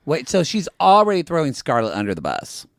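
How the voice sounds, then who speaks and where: A man's voice: huge pitch swings, brisk, vocal fry, no echo, clean studio sound. A man co-hosting a podcast, chatting in a gossipy way. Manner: gossipy, jumps into high-pitched impressions. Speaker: podcast co-host. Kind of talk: casual recap chat.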